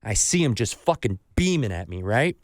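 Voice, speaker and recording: A man's voice: fairly low pitch, moderate pace, no echo. Swearing man telling a story, dry mic. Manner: animated storytelling, acts out voices of others, swears freely. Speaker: podcast host. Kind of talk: casual podcast chat.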